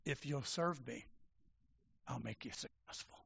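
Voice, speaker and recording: Man putting on a quiet, sinister devil tempting in the dark, muffled lo-fi recording. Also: a little slow, creaky, slightly rough, heavily acted. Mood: menacing. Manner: low, hushed and menacing. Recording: dull lo-fi sound.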